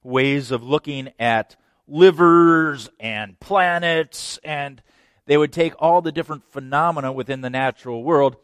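A man's voice: fairly high pitch, no echo, clean studio sound. A man preaching an expository sermon, reading scripture aloud, breaking down its grammar, and laughing at his own jokes. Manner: laughs and jokes between points.

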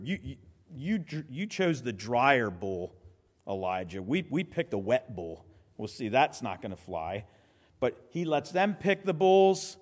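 Animated preacher with ringing hall reverb. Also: male voice, fairly high pitch. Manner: animated preaching, quick asides and repeated restarts. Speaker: pastor. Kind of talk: sermon.

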